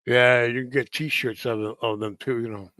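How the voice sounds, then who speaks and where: A man's voice: medium pitch, fairly even intonation, moderate pace, bright, forceful tone, dry recording. Man chatting casually, dry close sound. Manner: rambling, hesitant, many fillers. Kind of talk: casual chat to camera.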